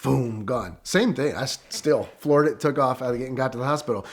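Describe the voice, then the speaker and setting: A middle-aged man telling a story in a casual, animated way, with quick excited bursts. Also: medium pitch. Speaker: guest storyteller.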